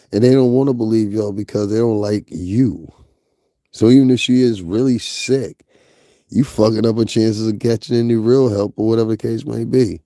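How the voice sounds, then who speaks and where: A man with a Northeastern US accent delivers casual gossip commentary in a blunt, profane way, talking straight to his viewers. His voice sits fairly low and mellow. The recording is close and dry, with no room sound. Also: dry recording. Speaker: commentary vlogger.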